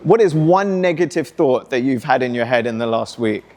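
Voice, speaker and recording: A man speaking as a motivational speaker to students, energetic, coaxing the audience with questions and call-and-response. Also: medium pitch, moderate pace, slight background noise. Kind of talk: interactive talk to students. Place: school hall.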